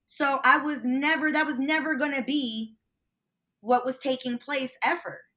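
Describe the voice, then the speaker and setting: A woman with a bright, forceful and somewhat high voice tells her side of a story to an interviewer. She is animated and candid, and she swears freely as she goes. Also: unhurried. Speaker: interview guest. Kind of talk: candid retelling of a phone call.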